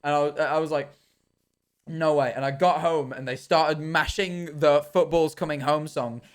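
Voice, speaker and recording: A man's voice: fairly high pitch, steady tone, moderate pace. Rambling young British man streaming. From Britain. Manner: rambling, ranting, self-deprecating. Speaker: livestreamer. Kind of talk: casual stream chat while gaming.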